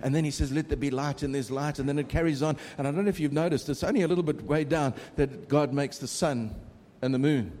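A middle-aged man preaches a sermon in a mellow, rather high voice, keeping it conversational and occasionally teasing the congregation. He speaks quickly with few pauses, his voice ringing through a large, reverberant hall over slight background noise.

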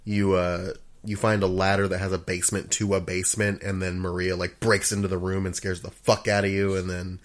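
A man with a very deep voice chatting casually about a game. He stops and restarts often, repeats words as he goes, and swears offhandedly. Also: little pitch movement, fairly quick, few pauses. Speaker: podcast co-host. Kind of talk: casual chat.

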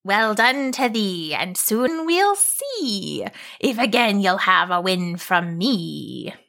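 Woman doing a rhyming leaf monster: slow, gruff, proud, storybook creature. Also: medium pitch, very animated, sharp tone, exaggerated voice. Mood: grandly rhyming. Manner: slow, rhyming, old-fashioned speech.

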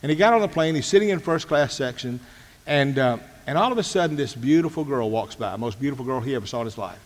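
A man's voice: mid-range voice, animated, fast, in a large hall. A man giving a motivational talk on leadership, emphatic and full of stories and repeated phrases. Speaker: speaker on leadership.

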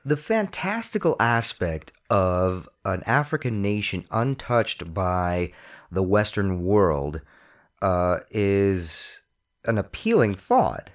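A man with a lower voice talks through films with a lot of swing in his pitch. He leads a casual discussion. When he quotes someone, he slips into put-on voices. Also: slow. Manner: animated, puts on voices when quoting.

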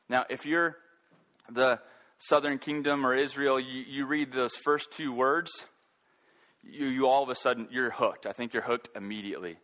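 A man preaching a sermon, earnest and halting, often restarting his sentences. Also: medium pitch, steady tone, bright, forceful tone. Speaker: pastor.

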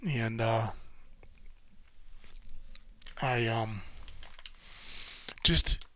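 Alone on his podcast, a host rambles in halting, profane restarts, emotionally shaken and near tears. His voice is medium in pitch with a fairly bright tone.

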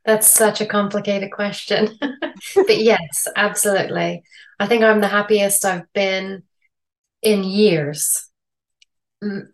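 A woman's voice: medium pitch, steady tone, slow pace, pauses often. Reflective Canadian woman, middle-aged. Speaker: podcast guest. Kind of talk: interview storytelling. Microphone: remote call.

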